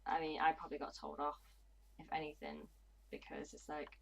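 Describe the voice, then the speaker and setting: A woman's voice: deep voice, big pitch swings, fairly quick, gravelly, husky, rough recording. A woman, chatting casually and bluntly on a gaming livestream. She swears freely and mutters to herself as she plays. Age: 20s. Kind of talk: casual livestream chat while playing.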